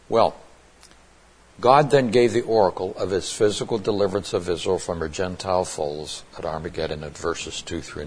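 A man's voice: low-pitched, creaky, a little hiss or hum. A man teaching through a Bible passage in an explanatory way, often restarting phrases and adding emphatic asides.

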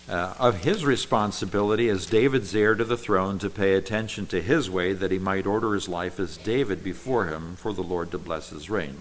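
A man preaching a sermon and explaining Bible verses, with emphatic stresses and slow, drawn-out key words. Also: deep voice, fairly bright tone, a little hiss or hum, rough recording.

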